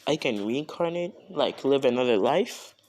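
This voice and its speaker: A man's voice: mid-range voice, lively intonation, moderate pace, a little mellow, slight background noise, lightly acted. A man voicing a powerful male villain who talks formally and politely.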